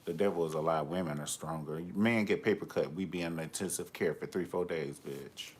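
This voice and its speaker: A man hosting a livestream from home, telling stories in a sassy, profane, animated way. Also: a bass voice, fairly quick, slight background noise. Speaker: livestream host. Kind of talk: comedic storytelling.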